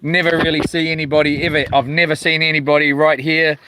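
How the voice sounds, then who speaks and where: A man's voice: on the high side, flat delivery, fast talker, noisy background. A man with a New Zealand accent chatting casually on a live stream from a small boat outdoors, slangy and laid-back as he reads viewer comments aloud. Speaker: livestreaming fisherman.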